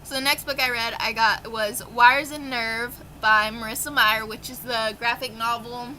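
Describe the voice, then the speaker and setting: A woman's voice: on the high side, fairly even intonation, moderate pace, pushed and bright, a little hiss or hum, poor audio. A young woman with a dry, coughing throat, gushing and swearing casually as she chats through her monthly reading wrap-up for her book vlog. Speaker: book vlogger.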